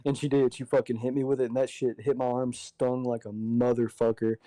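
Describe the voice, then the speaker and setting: A young man in casual chat, telling high school stories in a laid-back way with lots of swearing. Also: level tone, brisk, warm tone, no echo, poor audio.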